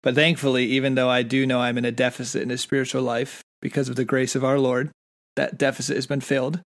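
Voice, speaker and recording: A man with an American accent co-hosting a casual podcast chat, earnest and thoughtful, often pausing and restarting sentences. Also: medium pitch, flat delivery. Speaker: podcast co-host.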